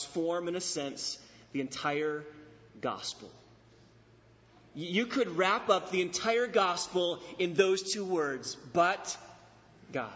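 A pastor preaching an expository sermon, emphatic, repeating key phrases and slowing on stressed words. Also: male voice, on the high side, a bit bright. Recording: dull recording in a reverberant hall.

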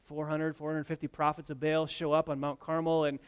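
A man preaching a sermon, swinging from loud emphatic lines to quiet asides and retelling scripture stories with lively quoted dialogue. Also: fairly high pitch, brisk, smooth. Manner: dynamic preaching, swells loud on key points then drops soft. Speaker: pastor.

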